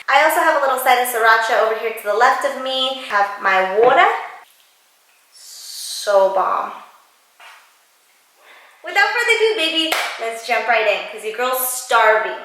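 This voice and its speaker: A young woman in a casual, excited vlog, her high voice bubbly and sing-song. Her bright, forward tone bounces around a very echoey room at home. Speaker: YouTuber. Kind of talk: casual mukbang vlog chat.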